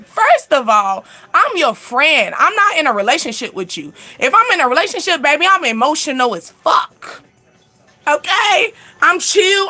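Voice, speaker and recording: A woman's voice: sits high, bright, forceful tone. A young woman hosting a casual live stream, speaking candidly and laughing often as she answers viewers' questions.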